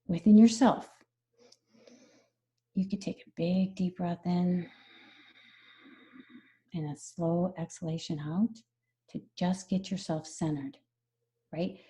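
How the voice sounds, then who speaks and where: A woman's voice: lowish voice, steady tone, slow pace, long pauses, mellow. A woman stress management coach explaining her methods earnestly in a conversational interview, repeating key phrases.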